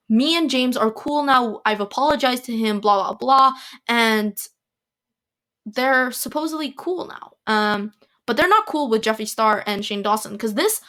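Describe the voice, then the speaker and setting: Chatty, slightly high-voiced woman rambling. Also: fairly bright tone. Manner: rambling, with many fillers and restarts; sarcastic asides. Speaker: podcast host. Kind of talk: casual solo podcast chat.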